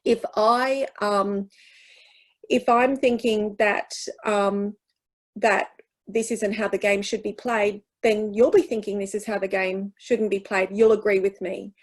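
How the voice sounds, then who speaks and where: A woman with an Australian accent speaking at a teachers' workshop, explaining child development and acting out gentle phrases to use with kids. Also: medium pitch, flat delivery, measured pace. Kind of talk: workshop Q&A talk.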